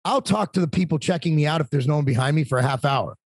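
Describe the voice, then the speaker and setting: Chatty husky-voiced man telling stories. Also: fairly high pitch, fast talker, no room sound. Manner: talkative, animated, swearing. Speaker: podcast guest. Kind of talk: casual storytelling.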